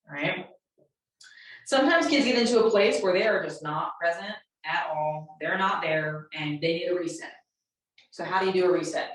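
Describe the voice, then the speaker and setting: A woman presenting a teaching workshop for educators, speaking directly and acting out sample conversations with students. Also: lowish voice. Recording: very echoey room, voice distant from mic.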